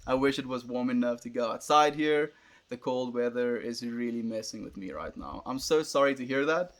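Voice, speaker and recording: A man's voice: mid-range voice, moderate pace. A young South African man, an Afrikaans speaker, chatting casually on a livestream and musing as he answers viewers.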